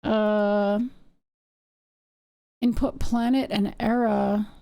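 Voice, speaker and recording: A young woman streamer chatting casually while she plays, rambling and thinking out loud with self-mocking asides. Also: mid-range voice, level tone, drawn-out words, vocal fry, smooth, dry recording. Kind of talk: casual live-stream chat while gaming.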